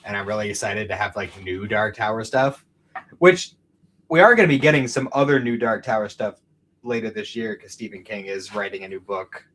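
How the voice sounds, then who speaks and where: A man's voice: fairly low pitch, animated, fairly quick, fairly bright tone, slight background noise. A man co-hosting a casual podcast chat, talking in a rambling way with plenty of fillers. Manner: chatty, rambling with many fillers. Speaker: podcast co-host.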